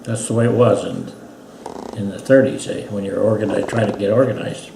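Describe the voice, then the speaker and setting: A man's voice: on the low side, steady tone, brisk, creaky. A man, telling old family stories in a folksy, meandering way. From British Columbia, Canada. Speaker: family elder recalling the past. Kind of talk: rambling oral history storytelling. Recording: echoey room with faint hiss.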